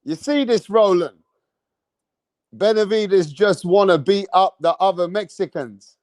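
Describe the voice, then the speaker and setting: Young guy on a boxing stream, kinda high voice, slangy and worked up at chat, dry close mic. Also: unhurried, no room sound. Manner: animated, slangy, talks straight to chat. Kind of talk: casual live-stream commentary.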